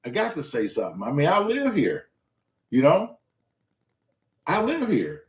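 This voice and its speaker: A man's voice: on the high side, huge pitch swings, measured pace, recorded from a distance. A man hosting a talk show, telling a story in a casual, profane and emphatic way. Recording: roomy echo.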